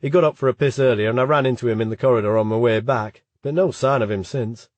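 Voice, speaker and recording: A man's voice: medium pitch, fast, darkish tone, no room sound, dull audio, lightly acted. Man doing a young male student, Yorkshire accent, blunt, swearing, dry close sound. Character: crude cheerful young northern male student.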